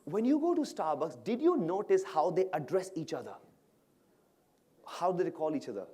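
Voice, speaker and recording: A man giving an energetic motivational speech to an audience at an awards event, often asking the crowd questions. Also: on the high side, moderate pace, breathy edge. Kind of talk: animated stage speech to an audience. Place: large event hall with live audience.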